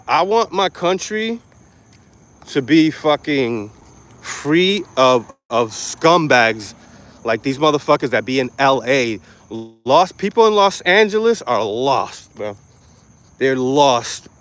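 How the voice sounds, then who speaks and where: This online commentator, a young New Yorker, rants at the camera in a blunt, aggressive style full of street slang and curses. His middle-pitched voice is animated and fairly bright, and he keeps a measured pace.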